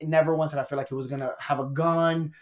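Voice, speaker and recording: Quick and fairly high-pitched, this comedian's voice carries a casual, profane podcast story. He stays animated throughout, performing the quotes as he goes.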